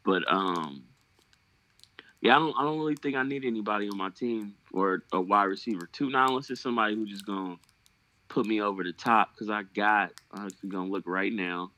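A man's voice: lowish voice, fairly quick, pushed and bright, no room sound, low-quality recording. A man hosting a podcast, chatting casually and jokingly about fantasy football trades, swearing and trailing off into fillers. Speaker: podcast host.

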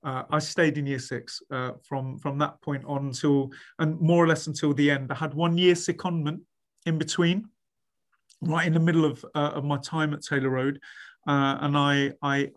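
A man, a head teacher being interviewed, chatting animatedly with many restarts and acting out what others said. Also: medium pitch. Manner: animated storyteller, many restarts, acts out quoted speech. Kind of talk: casual podcast interview.

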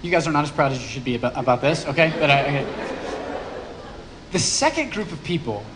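High-voiced man preaching a casual sermon. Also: a bit bright, slight background noise. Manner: conversational, playful asides to the congregation. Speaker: pastor.

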